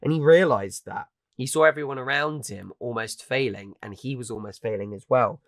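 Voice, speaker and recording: A man's voice: medium pitch, normal speed. A man co-hosting a casual anime podcast, retelling scenes animatedly, acting out the characters' lines and swearing casually. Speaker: podcast co-host. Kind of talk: casual chat about anime.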